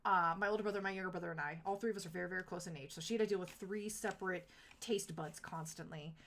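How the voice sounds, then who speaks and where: A young adult woman streaming live, chatting casually and rambling through stories with lots of "like" and quick laughs. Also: fairly low pitch, fairly bright tone.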